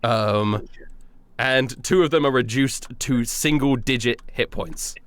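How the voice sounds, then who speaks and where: A man's voice: mid-range voice, slow, fairly bright tone, smooth, dry recording. A man running a tabletop game as game master over an online call, narrating in a playful way and laughing often. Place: home, remote online call.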